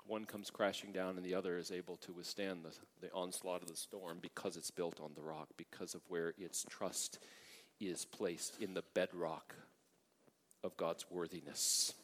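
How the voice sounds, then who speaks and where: A middle-aged man preaching a sermon as a pastor, animated and emphatic, often asking the congregation for an amen. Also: low-pitched, normal speed. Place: large church sanctuary. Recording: long hall reverb.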